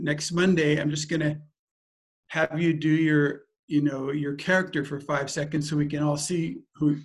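A man leading a personal growth workshop, speaking in an emphatic, repetitive way. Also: fairly high pitch. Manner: emphatic, repetitive, circling phrasing. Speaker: workshop leader. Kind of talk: teaching a group.

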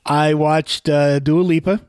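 A man co-hosting a casual podcast, chiming in with quick teasing wisecracks. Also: fairly high pitch, steady tone, darkish tone, no room sound. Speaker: podcast co-host. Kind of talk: casual chat.

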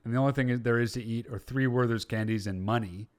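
A man's voice: medium pitch, fast talker. A man hosting a podcast, asking questions and reacting with wry, laid-back remarks. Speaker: podcast host. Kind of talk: casual interview.

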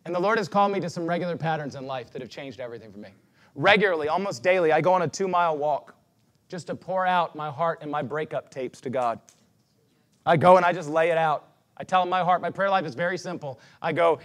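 A male pastor preaching a sermon to a congregation in a lively, personal way, leading them aloud. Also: fairly high pitch, fast talker. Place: church before a congregation.

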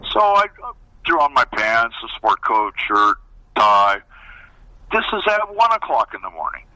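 An older man recounts his old pitching days in an interview, throwing himself into every line of quoted dialogue. His voice is strikingly bright and sharp, and he tells it with animated, plain-spoken energy. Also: unhurried, no echo, rough recording. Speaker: former baseball pitcher. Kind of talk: storytelling interview.

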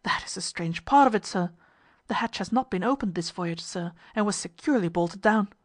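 A woman's voice: mid-range voice, expressive, normal speed, lightly acted. A woman reading a story aloud, voicing a grave, respectful ship's chief officer. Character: grave, dutiful male chief officer of a ship.

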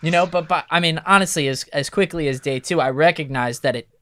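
Earnest podcast host, smooth-voiced man. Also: on the high side, fast, sharp tone, dry recording. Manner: earnest, eager questions. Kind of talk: casual chat.

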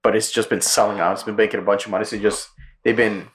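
A man co-hosting a podcast, casually retelling a movie plot with lots of swearing and quick character voices. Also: fairly low pitch. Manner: profane, animated storytelling with quick character impressions. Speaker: podcast co-host.

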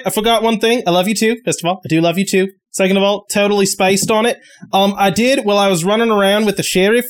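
A man's voice: high voice, clear, resonant tone, close to an everyday voice. A man voicing Matthew, a wry young hero. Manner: dry joking, playful. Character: young adult male hero, wry and teasing. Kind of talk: tabletop role-play in character.

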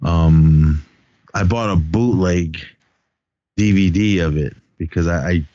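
A man with a very low voice rambles through a casual podcast chat about films, laughing often and filling pauses with "uh" and "um." The sound is dry and a bit dull, as if on a modest home mic. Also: mellow, dry recording. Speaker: podcast co-host.

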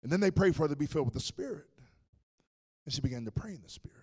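A male pastor preaching a sermon, telling a story with animated swings between loud and hushed. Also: fairly high pitch, very fast, breathy edge.

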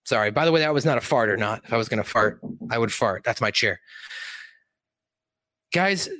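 A man casually recapping a film's plot out loud in a rambling, profane, animated way, seated indoors. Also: medium pitch, moderate pace, no echo, clean studio sound. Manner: animated, rambling, profane storytelling with many asides. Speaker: movie recap commentator. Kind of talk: casual spoken film recap.

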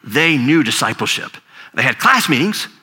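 A man's voice: mid-range voice, sing-song, normal speed, sharp tone, breathy edge. An older man, a grandfather, preaching a sermon in a conversational storytelling way, often repeating words as he talks. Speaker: pastor.

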